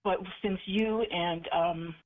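A woman's voice: fairly low pitch, steady tone, slow. A woman calling in to a radio talk show, chatting eagerly with many fillers and restarts. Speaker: caller. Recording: tinny phone line.

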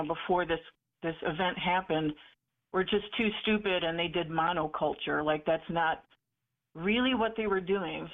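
A woman calling in to a radio talk show, chatting eagerly with many fillers and restarts. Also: on the low side. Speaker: caller. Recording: tinny phone line.

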